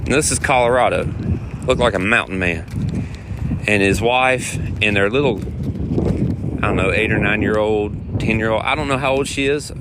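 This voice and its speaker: Rambling touring musician outdoors. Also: male voice, lowish voice, moderate pace, pauses often. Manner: rambling, animated storytelling. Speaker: touring guitar player. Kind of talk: casual vlog storytelling. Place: outdoors on city streets. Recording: outdoor street noise and wind.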